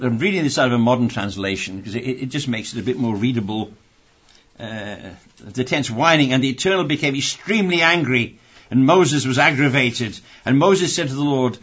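A man's voice: mid-range voice, fairly bright tone, breathy edge. A man preaching a sermon, reading scripture and adding wry, conversational asides. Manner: conversational and wry, with many restarts. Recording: dull lo-fi recording.

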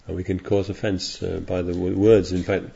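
Preacher, male: low mellow voice, rambling digressive sermon delivery, dull lo-fi recording. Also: flat delivery, normal speed, creaky, husky. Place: congregation in California.

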